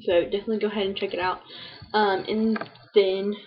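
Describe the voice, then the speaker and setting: A woman's voice: mid-range voice, flat delivery, fairly quick, very noisy. A young woman chatting casually into her webcam about books she has read, rambling and filling gaps with "um" and "like.". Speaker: book vlogger. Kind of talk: casual book review chat. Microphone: webcam microphone. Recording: dull lo-fi webcam audio.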